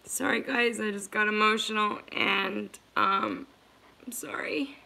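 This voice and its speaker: A woman's voice: mid-range voice, fairly even intonation, measured pace, gravelly, sharp tone. A woman hosting a livestream, speaking earnestly and emotionally to her viewers, repeating herself as she offers support. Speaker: livestream host.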